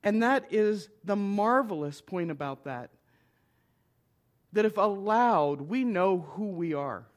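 A minister with a high voice speaks slowly and deliberately, leaning on short emphatic phrases. It is heartfelt personal storytelling delivered to a listening crowd. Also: male voice, lively intonation. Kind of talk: personal storytelling talk to an audience.

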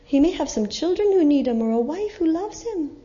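An earnest, compassionate man on the road, thinking aloud as he decides to help, as a woman reads him in a storybook. His voice has a mellow, soft tone, and the recording is muffled and lo-fi. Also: sits high, animated, a little fast, pitched above the performer's own voice. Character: kind male traveler, earnest and compassionate.

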